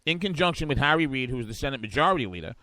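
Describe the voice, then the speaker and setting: A man's voice: medium pitch, expressive, very fast, sharp tone, no room sound. A man hosting a talk show, giving combative, sarcastic political commentary. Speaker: radio talk show host.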